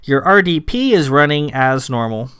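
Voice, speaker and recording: A man's voice: on the high side, lively intonation, moderate pace, pushed and bright, clear, resonant tone, no echo, studio quality. A man reading the part of a cool, impatient official lord in a droll, clipped, bureaucratic manner.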